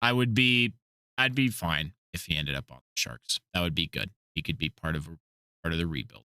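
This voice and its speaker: A man's voice: deep voice, moderate pace, bright, forceful tone, clean tone, dry recording, studio quality. A man hosting a casual podcast, telling rambling stories and swearing freely. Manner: profane, rambling storyteller. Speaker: podcast host.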